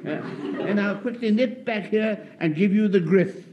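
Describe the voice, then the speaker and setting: An actor playing a very old, gentle Home Guard private who speaks in a slow, soft manner. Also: male voice, sits high, highs cut off, lightly acted. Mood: eager. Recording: hissy old radio recording.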